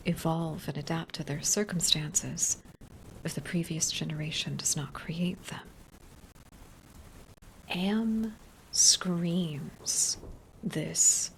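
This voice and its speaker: A woman streamer in a whispered ASMR chat, musing softly in rambling, nerdy tangents. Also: lowish voice, gravelly.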